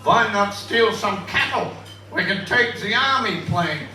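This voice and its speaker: A man's voice: high-pitched, animated, unhurried, sharp tone, faint music behind, pitched above the performer's own voice, full character voice. A man doing a Russian soldier, Vladimir. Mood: grumbling. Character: grumbling hungry male soldier. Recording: echoey pub room from a far-off mic.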